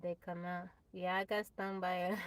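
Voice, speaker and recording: A woman's voice: on the low side, flat delivery, measured pace, clear, resonant tone, dry recording, rough recording. A woman chatting casually on a live stream, laughing often and talking straight to her viewers. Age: adult, mother of a child. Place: tiny house off the grid.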